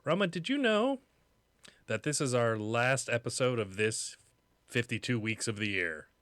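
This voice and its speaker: Halting, resonant-voiced male podcast host. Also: medium pitch, sing-song, fairly bright tone, no room sound. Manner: rambling, halting, swears casually. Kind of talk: casual podcast chat.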